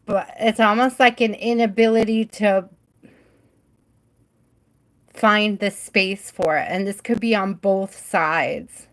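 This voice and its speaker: A woman's voice: mid-range voice, slow, pauses often. A woman hosting a live tarot reading stream, chatty and giggly, often trailing off mid-thought.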